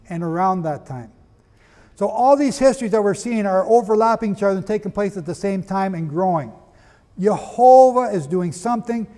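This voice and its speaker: A man's voice: sits high, warm tone. A man preaching and teaching, reading from old histories and firing questions at his listeners. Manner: emphatic, asks the audience questions. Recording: long reverb.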